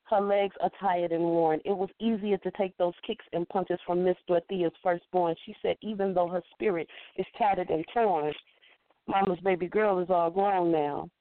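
This caller is a woman performing her own spoken-word poem by phone, in a conversational style full of rhythm and rhyme. She speaks at a normal speed with a steady tone and a fairly low pitch. The line sounds tinny and dry.

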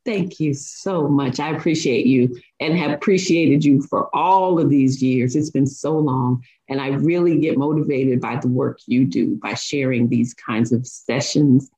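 A woman's voice: a bass voice, a little slow, few pauses, warm tone. A woman guest, a life coach, talking in an upbeat, motivational way during an interview. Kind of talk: interview talk. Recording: dull lo-fi sound.

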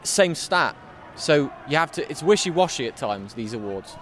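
A man's voice: on the high side, very animated, normal speed, fairly bright tone, a little hiss or hum. Teasing man hosting a chat. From England. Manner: teasing, conversational questioner. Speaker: podcast host. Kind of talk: casual interview chat. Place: sports arena after a game.

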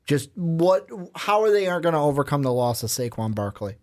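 A man co-hosting a casual sports podcast, talking in an animated, joking way and calling out to the viewers. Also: a little high, a little fast. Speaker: podcast co-host.

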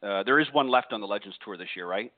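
A man hosting a radio interview, loose and halting with many restarts. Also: on the low side, no echo. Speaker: radio show host. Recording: tinny phone-quality line.

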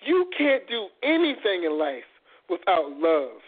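A man's voice: high voice, wildly swooping pitch, a little slow, slightly rough. A man co-hosting a faith talk show, speaking fervently with repeated stammering restarts. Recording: phone-like lo-fi audio.

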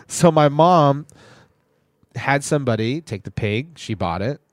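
A man's voice: mid-range voice, animated, a little slow, dry recording, studio quality. A man co-hosting a podcast, telling stories animatedly in casual chat, swearing and acting out family voices. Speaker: podcast co-host.

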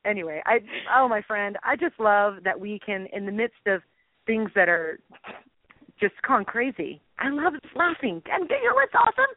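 A woman's voice: mid-range voice, animated, measured pace, no echo. A bubbly, emotional woman co-hosts a Christian comedy talk show, laughing often as she chats. Her voice comes over a tinny phone line. The sound is dry, with no room around it. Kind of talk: casual chat.

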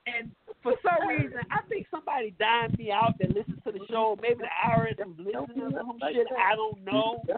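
A man's voice: very high-pitched, fairly quick, few pauses. A man hosting a radio talk show, rambling and repeating himself in profane street slang. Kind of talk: loose profane radio banter. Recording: tinny phone-line sound with faint noise.

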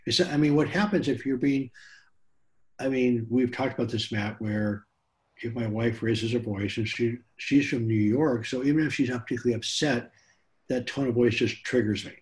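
A man's voice: mid-range voice, steady tone, moderate pace. A man hosting a podcast interview, speaking in a candid, curious and conversational way. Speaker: podcast host.

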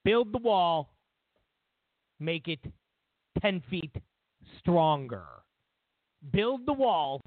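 Ranting talk radio host, high voice. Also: male voice, sing-song, extremely slow, long pauses, no echo. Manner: ranting, mocking, repetitive. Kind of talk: talk radio political commentary. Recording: tinny phone line, dry.

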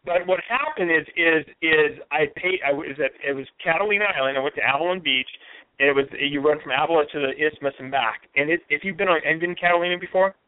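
A man's voice: a little high, quick pace, dry recording. A man talking earnestly and reflectively in a conversational interview, often restarting his sentences. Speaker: guest. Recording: tinny phone-line audio, dry.

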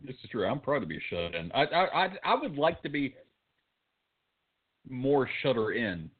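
A man's voice: mid-range voice, sing-song, breathy edge. Blunt guy cracking jokes, voice bounces up n down, tinny phone sound. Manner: blunt, swears, quick jokey interjections. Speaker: podcast co-host. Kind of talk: casual comedic chat.

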